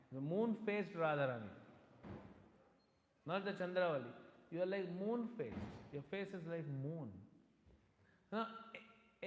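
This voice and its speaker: A man's voice: on the high side, darkish tone, muffled recording. A man gives a devotional lecture in a slightly raised voice, telling stories and sprinkling in tag questions to his listeners. His voice rings through a large echoey temple hall with a long reverb tail. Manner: storytelling with frequent "huh?" tag questions.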